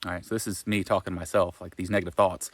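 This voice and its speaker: A man talks straight to the camera in a casual self-help monologue. His voice sits on the low side and the sound is dry and close. He rambles, speaks frankly and swears freely. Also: flat delivery, quick pace, no room sound.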